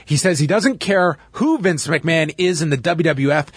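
Husky Canadian man recapping, dry mic. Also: a little high, normal speed, no echo. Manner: animated storyteller who laughs while recapping. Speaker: podcast host. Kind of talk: casual recap chat.

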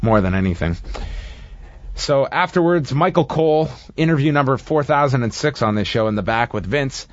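A man's voice: mid-range voice, lively intonation, normal speed, no echo, lo-fi sound. A man co-hosting a podcast, giving a casual play-by-play recap of wrestling matches with dry, sardonic asides. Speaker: podcast co-host reviewing wrestling.

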